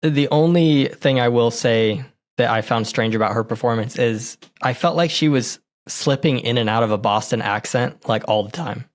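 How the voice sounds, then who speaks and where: A man's voice: mid-range voice, moderate pace. A man co-hosting a podcast, chatting casually and earnestly retelling movie scenes. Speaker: podcast co-host. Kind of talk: casual movie review chat.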